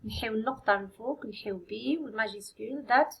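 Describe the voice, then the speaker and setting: Woman, Algerian accent, high voice, English teacher, patient exam review, slow spelled-out answers. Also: animated, poor audio. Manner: spells and counts out answers slowly for students. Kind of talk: exam review lesson, code-switching with Arabic.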